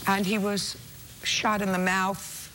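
A woman's voice: medium pitch, level tone, slow, fairly bright tone, a little hiss or hum. A woman presiding as a TV courtroom judge, blunt and sarcastic, scolding a litigant. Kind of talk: courtroom judgment. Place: TV courtroom set.

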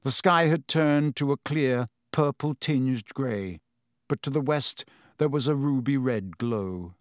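A man reading a novel aloud at an unhurried, deliberate pace. His mid-pitched voice sits close and dry on a studio mic, steady and measured. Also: dry recording. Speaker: audiobook narrator. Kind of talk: scripted narration.

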